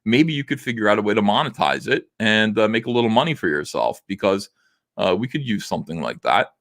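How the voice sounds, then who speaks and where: A man's voice: lowish voice, expressive, brisk, fairly bright tone, no room sound, clean studio sound. A man hosting a casual livestream, reading viewer comments aloud and answering them with frequent "uh" fillers. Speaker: livestream host reading chat.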